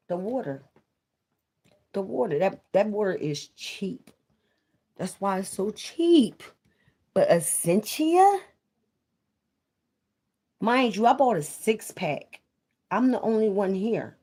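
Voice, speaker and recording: A woman's voice: mid-range voice, big pitch swings, takes it slowly, pauses often, darkish tone. A woman chatting casually to her viewers on a live stream, repeating herself and swearing freely. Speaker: vlogger on a livestream.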